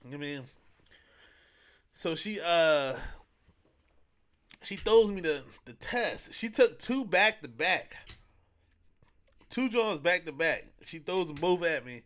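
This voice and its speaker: Young guy on a podcast, kinda high and bright voice, rambly slangy storytelling with a lot of "like". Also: lively intonation, slow, long pauses. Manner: slangy, rambling, with many fillers. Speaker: podcast host. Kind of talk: casual storytelling.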